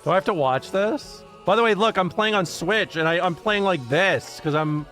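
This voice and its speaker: A woman's voice: lowish voice, moderate pace, fairly bright tone, soft background music. Rambling, swearing woman streamer. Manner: rambling, swears, self-interrupting, laughs often. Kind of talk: casual livestream chat.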